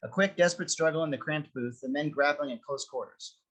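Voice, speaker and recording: Man narrating a script reading, fairly high voice, steady, descriptive. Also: brisk, low-quality recording. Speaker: narrator reading stage directions.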